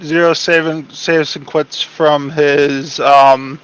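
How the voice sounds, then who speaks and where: A man playing a tabletop game over a voice call, halting with fillers. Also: on the high side, level tone, a bit bright, clear, resonant tone, no echo, lo-fi sound. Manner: hesitant, filler-heavy telling. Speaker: player. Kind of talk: casual tabletop play.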